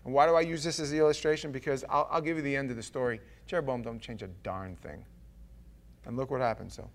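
A man's voice: medium pitch, quick pace. A man, preaching a sermon and telling stories with acted-out voices. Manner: animated storytelling, acts out voices. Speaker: pastor.

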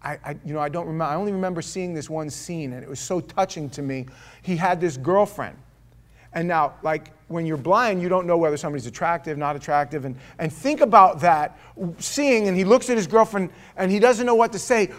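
High-voiced older man preaching animatedly. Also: a little fast. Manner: animated storytelling, swings from loud to hushed, rhetorical questions. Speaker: pastor. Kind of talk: sermon.

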